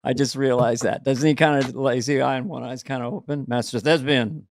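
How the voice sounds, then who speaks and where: A man co-hosting a casual comedy chat, telling animated stories and bursting into character voices. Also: mid-range voice, brisk, slight background noise. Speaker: co-host.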